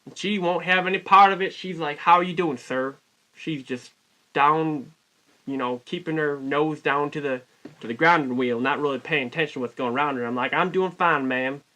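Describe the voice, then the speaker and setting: A man rambles through a deadpan comic monologue in a put-on Southern US drawl. His voice is bright and ringing, a little high for a man. He keeps correcting himself in a mock-folksy way. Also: a little fast. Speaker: comic storyteller.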